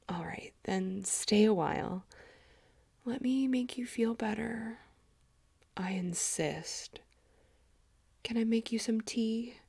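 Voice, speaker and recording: Whispered role-play: a doting, teasing middle-aged mother, as a woman plays her, cooing softly and drawing her words out very slowly. Her voice has a gravelly, fry-tinged edge, and she keeps slipping into breathy murmurs. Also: medium pitch. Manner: coos and murmurs, soft breathy asides.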